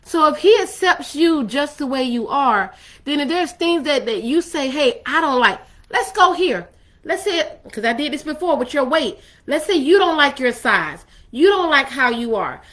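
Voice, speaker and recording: A woman's voice: high voice, animated, normal speed, fairly bright tone. A woman hosting a faith-based talk on love and relationships, speaking in a conversational, emphatic, preacherly way. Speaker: ministry host.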